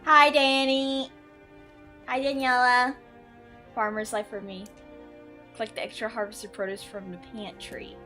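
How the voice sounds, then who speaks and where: A woman's voice: fairly high pitch, flat delivery, measured pace, pauses often, bright, forceful tone, soft background music. A woman streamer chatting casually with her viewers during a game stream, blunt and swearing freely. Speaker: VTuber streamer.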